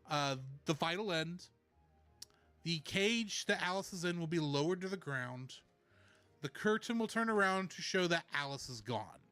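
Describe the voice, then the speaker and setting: A man's voice: high voice, pushed and bright, no room sound. A man giving casual walkthrough commentary on a video game, explaining with lots of "uh" fillers and answering chat. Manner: chatty, explaining with many "uh" fillers; reads chat messages and replies.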